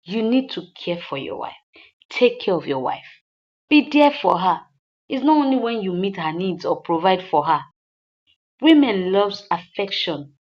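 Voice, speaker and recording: A woman's voice: medium pitch, animated, measured pace. A woman recounting an earnest, devoted man's words to a rival husband, repeating lines for emphasis, in a slightly dull lo-fi recording. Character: devoted younger man advising a rival husband.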